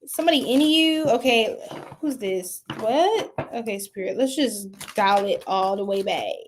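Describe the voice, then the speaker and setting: A young woman doing a casual tarot reading, chatty and animated, often laughing and breaking into loud exclamations. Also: mid-range voice, unhurried, noisy background. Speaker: tarot reader.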